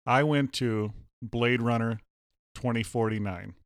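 A man's voice: medium pitch, a little slow, no room sound, clean studio sound. A man co-hosting a casual movie review chat, firing off teasing questions.

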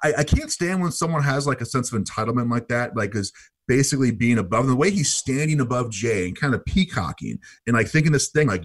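With no room sound in the recording, a man speaks a little fast as co-host of a casual reality-show recap podcast. He's animated and curses often, his voice shooting up high whenever he mimics someone.

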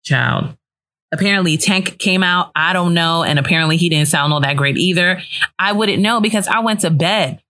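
A woman's voice: lowish voice, moderate pace, sharp tone. A young woman hosting a casual solo podcast, chatty and opinionated, swearing freely as she gives her frank take. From US East Coast. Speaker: podcast host.

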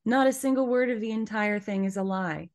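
A woman co-hosting a podcast in casual chat, supportive and animated, laughing often. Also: medium pitch, a little fast. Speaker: podcast co-host.

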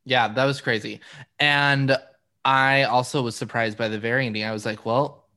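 A man hosting a podcast, chatting in a relaxed, rambling way and laughing often. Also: mid-range voice, moderate pace. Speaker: podcast host. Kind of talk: casual chat.

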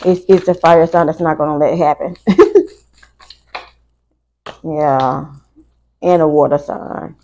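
A woman speaking in a slow, unhurried way, with a gravelly edge to her voice. She talks, giving a casual live tarot reading to her viewers, and she gets emotional as she goes. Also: low voice, fairly even intonation, warm tone, rough recording. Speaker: tarot reader.

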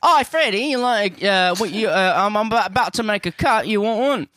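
A chatty, halting British teenage boy, as a man puts him on, pitched well above the speaker's own voice. He stumbles over fillers while he offers a cuppa. It sounds bright and close. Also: expressive.

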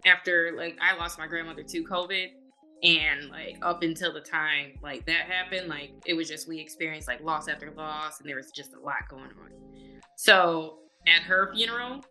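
A woman's voice: sits low, normal speed, pushed and bright, soft background music. A woman hosting a podcast in a casual, candid way, using "like" again and again. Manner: casual and candid, heavy use of "like". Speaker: podcast host. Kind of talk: conversational podcast interview.

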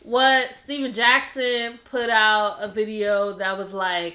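A woman co-hosting a casual podcast chat, laughing often and quoting others in a flat lower voice. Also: takes it slowly, hardly any pauses. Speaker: podcast co-host. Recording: echoey room.

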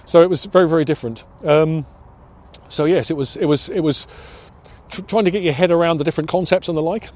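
An older British man talks through his years as a pilot instructor at an easy, reflective pace. His voice sits a little high for a man, and he often stops and restarts mid-sentence as he remembers. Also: fast talker, a little mellow. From United Kingdom. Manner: reflective, many restarts and hesitations. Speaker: interviewee, former RAF pilot instructor. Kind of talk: oral history interview.

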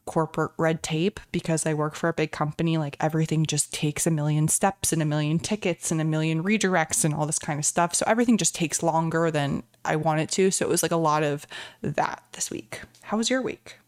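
A woman's voice: low-pitched, fairly even intonation, brisk, dry recording. Chatty woman co-host, dry close sound. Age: late 20s. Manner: upbeat and chatty, peppered with "like". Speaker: podcast co-host. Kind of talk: casual chat.

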